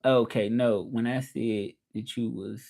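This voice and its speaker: A man's voice: medium pitch, fairly even intonation, unhurried, creaky, a little mellow. A man in his thirties from Memphis with a Memphis Southern accent, chatting casually with viewers on a livestream in a laid-back, rambling way. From Memphis, Tennessee. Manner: laid-back, rambling, frequent fillers and "you know what I'm saying". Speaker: livestream host.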